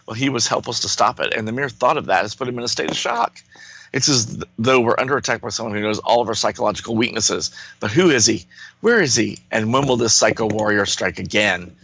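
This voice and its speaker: A man voicing a young male shapeshifter hero from a comic, explaining in a brisk tone. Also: on the low side, vocal fry, a bit bright, slight background noise. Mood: grim.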